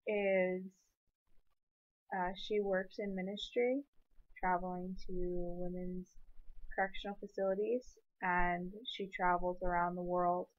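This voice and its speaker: A woman's voice: fairly low pitch, lo-fi sound. A young woman in a personal vlog, telling an emotional story in an earnest, rambling way. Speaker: vlogger.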